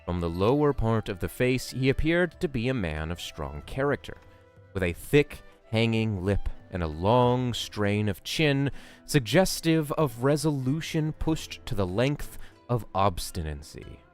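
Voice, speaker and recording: A man's voice: medium pitch, big pitch swings, measured pace, faint music behind. A man streaming casually, chatting playfully with viewers and reading a book aloud.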